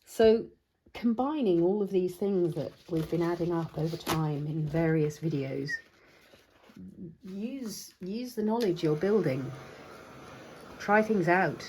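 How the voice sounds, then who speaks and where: A woman's voice: lowish voice, takes it slowly, dark tone, slight background noise. Chatty woman thinking aloud while crafting. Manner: chatty, thinks aloud, talks to her supplies. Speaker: craft tutorial host. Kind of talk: casual demonstration while crafting.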